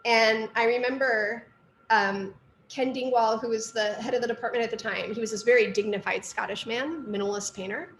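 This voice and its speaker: A middle-aged woman with a slightly high voice tells stories from her art training in a chatty, rambling way. She is recorded in an echoey room with a faint hiss behind her. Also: fairly even intonation, normal speed. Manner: chatty storytelling with fillers and asides. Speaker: artist and art teacher. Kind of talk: casual lecture talk.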